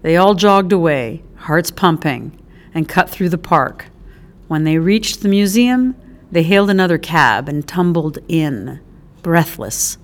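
Audiobook narrator, woman, unhurried, lively pitch. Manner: expressive, animated reading.

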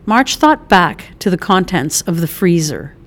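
A woman's voice: lowish voice, big pitch swings, unhurried. A woman reading a novel aloud as an audiobook narrator, lightly voicing the characters, with small restarts.

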